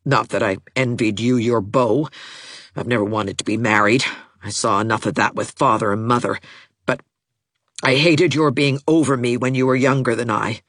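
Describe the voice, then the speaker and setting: A woman reader voicing a bitter, lonely young woman teacher who speaks haltingly and with self-pity, in an audiobook. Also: a bass voice, dry recording, studio quality. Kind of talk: audiobook character voice.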